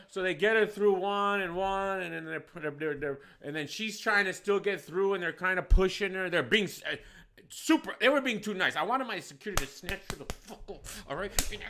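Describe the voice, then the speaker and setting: High, bright-toned man from Detroit, bar manager, heated profane storyteller. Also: brisk. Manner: heated, profane, swings from quiet to shouting.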